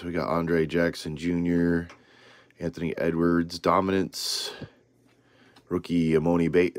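A man's voice: sits low, dry recording. A man hosting a casual card-opening video, reading off names with rambling asides. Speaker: trading card channel host.

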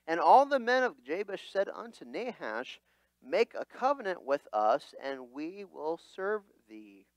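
A male pastor preaching to his church with an animated, expressive delivery. His voice is fairly high for a man and swings widely in pitch. He speaks slowly, and the sound is dry and close. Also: dry recording. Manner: animated, dramatic voicing of quotes. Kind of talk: sermon.

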